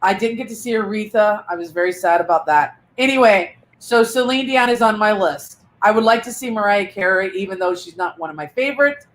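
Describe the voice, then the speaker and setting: An older woman with grandchildren, co-hosting a casual live chat, talkative and quick to laugh at herself. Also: medium pitch. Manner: chatty, self-deprecating, laughs often. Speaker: co-host.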